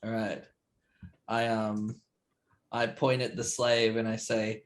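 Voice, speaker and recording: Man tabletop player, slow-paced, amused, hesitant. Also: lowish voice, level tone. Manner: unhurried, amused, hesitant fillers. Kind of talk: playing a tabletop game.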